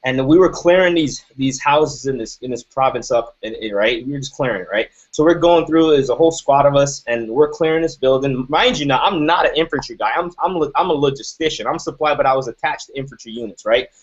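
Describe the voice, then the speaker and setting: A motivational speaker in his thirties delivers an emphatic talk in a medium-pitched voice, brisk and with hardly any pauses. He keeps asking "right?", and the recording is dull and lo-fi.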